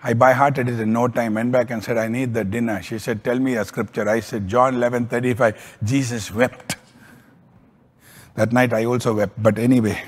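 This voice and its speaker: A man preaching a sermon as a pastor, telling stories with lively swings in pitch and volume. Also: a little fast, hardly any pauses, big-room sound.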